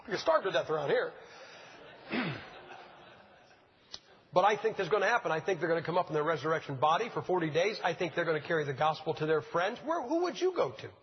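Raspy high-voiced older preacher. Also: male voice, very animated, fast talker. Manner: folksy, joking, fires rhetorical questions at the crowd. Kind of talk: sermon. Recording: dull lo-fi sound, long church-hall reverb.

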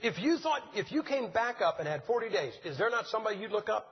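A man's voice: high-pitched, big pitch swings, quick pace, breathy edge. An older man preaching a folksy, joking sermon, firing rhetorical questions at his congregation. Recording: dull lo-fi sound, long church-hall reverb.

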